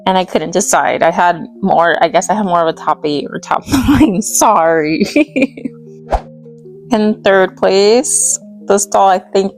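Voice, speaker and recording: A woman's voice: mid-range voice, animated, takes it slowly, faint music behind. A woman vlogger chatting casually about her doll collection, rambling and giggly, tripping over names as she goes. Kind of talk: casual chat while restyling dolls.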